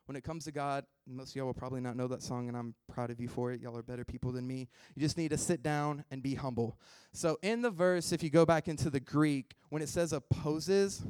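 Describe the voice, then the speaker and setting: Smooth-voiced young man preaching casually. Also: mid-range voice, darkish tone, no room sound. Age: 20s. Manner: chatty, self-deprecating, laughs often. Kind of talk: casual sermon.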